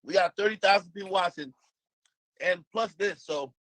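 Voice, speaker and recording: A man's voice: high-pitched, moderate pace, fairly bright tone, no room sound. A man, hosting a livestream and hyping up his guest in easygoing casual chat. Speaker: livestream host.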